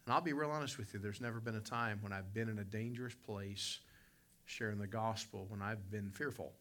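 A man preaching a sermon as pastor, emphatic, surging to loud peaks and then dropping low. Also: brisk. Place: church service with congregation responding.

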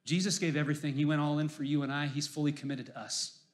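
A man preaching a sermon, animated, swinging from loud emphasis to hushed lines and telling jokey stories. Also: a little high, quick pace. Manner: jokey storyteller. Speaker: pastor.

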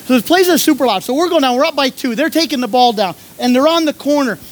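A man preaching and telling a story, animated, shouting when he acts out scenes. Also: very high-pitched, quick pace. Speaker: pastor and coach. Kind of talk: sermon with storytelling.

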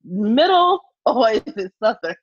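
A woman's voice: fairly high pitch, sing-song, unhurried, husky, no echo. A woman co-hosting a podcast in casual chat, asking questions and thinking aloud. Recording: dull, very dry sound.

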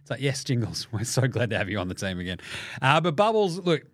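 A young Australian man hosting a basketball podcast, talking casually with lots of swearing and jokes, often mimicking people in quick put-on voices. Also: mid-range voice, sing-song, no echo. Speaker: podcast host. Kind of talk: casual sports podcast monologue.

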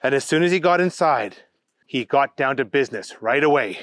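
A man reading a silly story aloud as a playful narrator, slowing down for comic emphasis. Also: mid-range voice, expressive, fairly bright tone, dry recording, studio quality.

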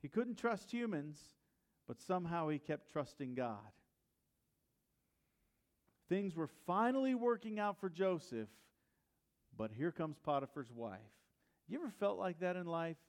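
Guy preaching a sermon, kinda high voice, tells the story and asks the crowd stuff. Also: big pitch swings, moderate pace. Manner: storytelling, asks the congregation questions. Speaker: pastor.

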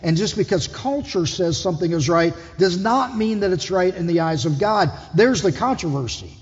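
A man's voice: high voice, very animated, moderate pace, hardly any pauses, darkish tone. A man preaching a conversational sermon as lead pastor, putting questions to the congregation. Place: church hall. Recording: dull echoey hall.

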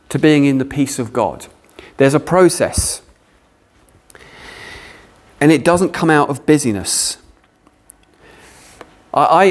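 A man preaching a sermon, animated with playful asides. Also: mid-range voice. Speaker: pastor.

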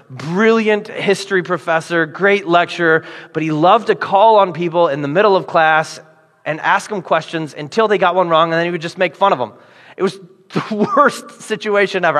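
A male pastor delivers a sermon with lively, joking storytelling, briefly slipping into playful voices for the people he describes. His voice sits a little high for a man. A long reverb trails behind him, as in a large church hall.

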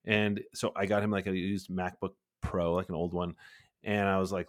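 A man's voice: deep voice, little pitch movement, normal speed. A man in his forties, a guest on an interview podcast, who talks animatedly and acts out little bits of dialogue. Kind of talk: conversational interview.

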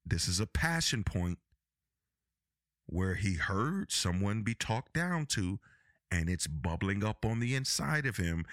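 A man's voice: low voice, a bit bright, no room sound, studio quality. A man hosting a relationship advice podcast, talking emphatically and repeating phrases to drive his points home. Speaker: podcast host.

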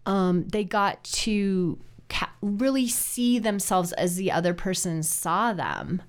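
A woman's voice: mid-range voice, animated, slow pace. A woman hosting a podcast and running a law firm, chatty and upbeat, often laughing. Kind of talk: casual chat.

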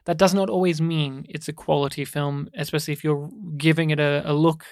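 A man talking through a film on a podcast in a loose, rambling way, circling back on himself with fillers and restarts. His voice is smooth and clear. The recording is dry and close, with no room sound. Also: on the high side, little pitch movement, fairly quick, dry recording. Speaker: podcast co-host. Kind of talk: casual film discussion.

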